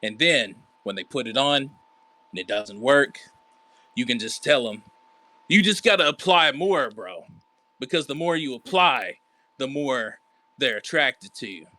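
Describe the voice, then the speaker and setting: A man doing a slick fast-talking hustler. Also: mid-range voice, expressive, bright, forceful tone. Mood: hustling. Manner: smooth-talking salesman with a put-on fake accent. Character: slick smooth-talking male hustler character.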